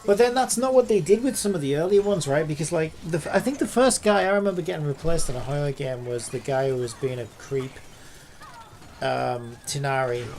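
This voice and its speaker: A man's voice: fairly high pitch, fairly quick, a little mellow, a little hiss or hum. A man streaming a game, chatting casually and rambling with lots of filler words. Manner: rambling, lots of "like" and "you know". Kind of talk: casual commentary while gaming.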